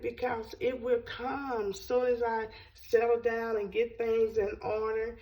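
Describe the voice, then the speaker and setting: A woman hosting her own cooking channel, congested, chatting casually to the camera in a slow, rambling way that repeats phrases. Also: a little high, level tone, a little mellow, far from the mic, low-quality recording.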